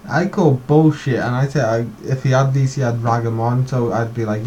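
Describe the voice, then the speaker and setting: Swearing guy hosting a stream, rambly, mellow dark voice, bit of hiss. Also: medium pitch, steady tone, moderate pace, poor audio. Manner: profane, rambling. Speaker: host. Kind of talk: casual stream chat.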